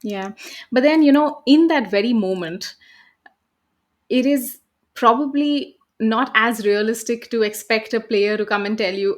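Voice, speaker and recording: A woman's voice: on the high side, measured pace. A woman hosting an interview, listening closely and asking thoughtful questions. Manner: attentive, questioning. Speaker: host. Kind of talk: conversational interview.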